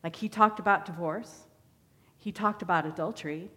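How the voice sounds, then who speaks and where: A woman's voice: on the low side, normal speed, sharp tone. A woman giving a personal testimony sermon as a church member, telling her story in a conversational way. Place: church sanctuary. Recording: long church hall reverb.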